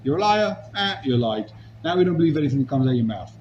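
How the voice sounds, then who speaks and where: A man's voice: fairly high pitch, sing-song, fast talker, a little mellow, lo-fi sound, slight background noise. A man teaching a Talmud class, arguing a legal case with rhetorical questions and Hebrew and Aramaic terms.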